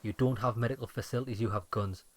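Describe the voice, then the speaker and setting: A man's voice: mid-range voice, fairly even intonation, quick pace, natural voice. Brief: frail bitter old soldier-deserter, grim and clipped, read by a man in a mid-range voice.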